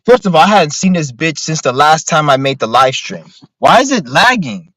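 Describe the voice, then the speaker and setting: A man's voice: fairly high pitch, big pitch swings, moderate pace, pushed and bright, no echo, rough recording. A man ranting casually on a livestream, profane and rambling with lots of filler words. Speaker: streamer.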